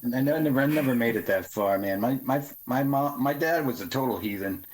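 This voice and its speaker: A man chatting casually on a podcast, halting and repeating words, often ending with "man". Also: medium pitch, expressive, rough recording. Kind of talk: casual chat.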